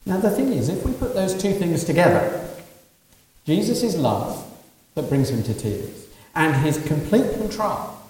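A male preacher gives a sermon in a mellow, warm, high-pitched voice, posing rhetorical questions and shifting between hushed and raised passages. The mic seems distant in a long, echoing hall, with a faint hiss beneath him.

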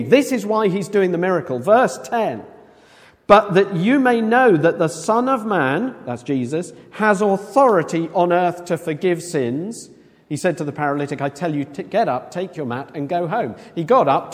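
Animated preacher in an echoing hall. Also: male voice, on the high side. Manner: animated, conversational, acts out quoted voices. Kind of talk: sermon. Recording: long echo of a large hall.

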